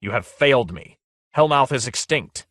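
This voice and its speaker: A man reading aloud, voicing a wrathful, frantic male warlord who shouts commands. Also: mid-range voice, expressive, normal speed, dry recording, clean studio sound, pitched above the performer's own voice. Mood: furious.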